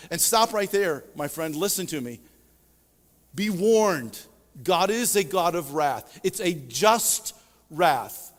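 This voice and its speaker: A male pastor preaching a sermon, with emphatic swells and sudden quiet drops. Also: high voice, animated, slow, long reverb tail. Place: church sanctuary.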